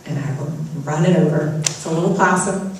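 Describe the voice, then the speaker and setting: A woman's voice: low voice, normal speed, crowd noise. A woman giving an inspirational talk to an audience, telling personal stories with self-deprecating humor. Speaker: spiritual talk speaker. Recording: very echoey room, far from mic.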